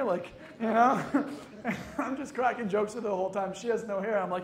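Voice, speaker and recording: A man's voice: high voice, fairly quick, few pauses. A young man, a hypnotist and coach, giving a motivational talk, swearing casually and acting out his own stories. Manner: swearing, jokey, acts out dialogue. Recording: echoey room with faint noise.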